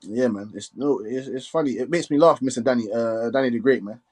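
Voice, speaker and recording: A man hosting a casual live stream, talking quickly and filling his speech with "you get me". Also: medium pitch, darkish tone. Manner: fast, repetitive filler "you get me".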